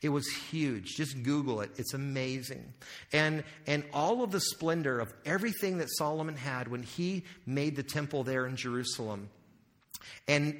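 A male pastor preaching a sermon in a conversational way, asking the audience questions and making joking asides. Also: medium pitch. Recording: long hall reverb.

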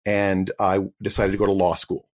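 Guy on an interview, lowish voice, chatty and keeps restarting his sentences. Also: completely flat delivery, moderate pace. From Canada. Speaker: guest actor. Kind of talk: casual interview storytelling.

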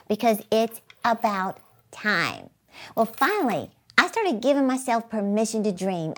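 A middle-aged woman preaching an earnest motivational sermon, telling stories with emphasis. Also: a little high.

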